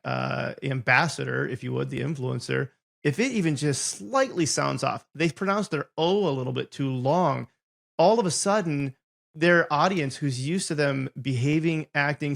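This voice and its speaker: A man from Ohio hosting a podcast, with a gravelly, creaky edge to a mid-pitched voice. He talks in a chatty way, telling stories and dropping frequent ums. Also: fairly bright tone. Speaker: podcast host. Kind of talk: casual conversational interview.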